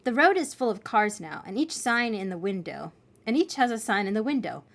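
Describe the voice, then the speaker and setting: A woman reading a children's novel aloud in an expressive storytelling manner. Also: mid-range voice, fairly quick.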